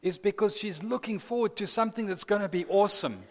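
A man's voice: high-pitched, fast talker. A man preaching a sermon, earnest and building to impassioned emphasis. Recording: long reverb of a large hall.

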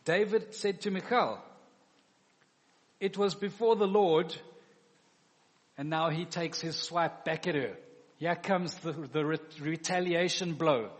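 Male preacher, sermon, fairly high voice, theatrical, long hall echo. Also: a little slow. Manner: animated, acts out biblical dialogue.

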